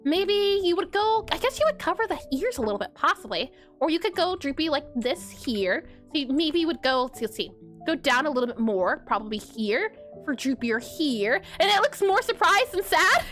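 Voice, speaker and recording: A woman's voice: sits high, very animated, normal speed, fairly bright tone, faint music behind. A woman streamer thinking aloud and chatting in a giggly way while she draws pixel art. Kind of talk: casual live-stream drawing commentary.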